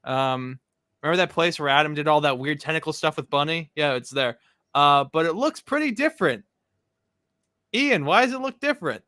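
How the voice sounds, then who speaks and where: Smooth, bright-toned male podcast co-host. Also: a little high, a little fast, no room sound. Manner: relaxed recapping with fillers. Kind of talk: casual chat.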